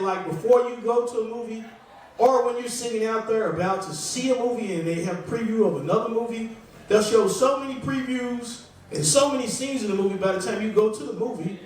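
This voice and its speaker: High-voiced man doing stand-up in an echoey room. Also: recorded from a distance, slight background noise. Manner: rambling, conversational, self-deprecating. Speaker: stand-up comedian. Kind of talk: stand-up comedy set. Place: small club stage.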